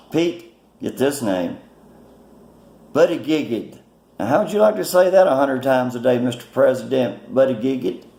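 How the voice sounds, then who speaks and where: A man's voice: mid-range voice, gravelly, a little mellow, reverberant. A man giving blunt, mocking political commentary in a casual, rambling way, full of fillers, recorded on a phone. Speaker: political vlogger.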